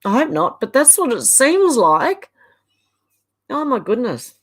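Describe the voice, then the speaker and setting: A woman's voice: on the high side, big pitch swings, measured pace. A middle-aged Australian woman hosting a casual live stream, chatting loosely and reacting with exasperated asides while reading viewer comments aloud.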